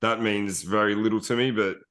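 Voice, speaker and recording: A man's voice: fairly low pitch, fairly even intonation, brisk, a bit bright. Rambling Australian man on a podcast. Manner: rambling, chatty. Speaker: podcast guest. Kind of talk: casual podcast chat.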